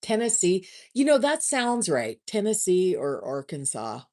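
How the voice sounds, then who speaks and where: A woman with a low voice hosts a casual livestream chat. She talks slowly and gushes, often starting a word twice before going on. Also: sing-song, darkish tone. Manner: chatty, gushing, restarts often. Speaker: livestream host.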